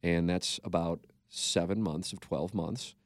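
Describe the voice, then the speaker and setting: A man's voice: sits low, steady tone, a little slow, no room sound, studio quality. A man co-hosting a podcast, talking in a rambling, candid way and swearing freely. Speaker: podcast co-host. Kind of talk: casual podcast chat.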